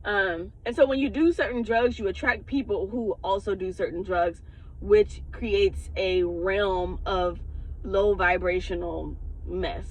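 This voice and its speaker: A woman's voice: medium pitch, steady tone, a little slow, rough recording. A woman who works as a spiritual advisor, telling a personal story in a casual vlog, candid and heavy on the cursing. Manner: profane, candid, laughs often.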